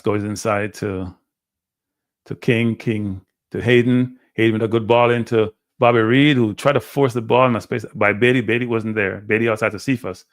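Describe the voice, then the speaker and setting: A man's voice: on the low side, no echo. Man doing live fan commentary, dry sound. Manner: frustrated, blunt fan commentary. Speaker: watchalong host.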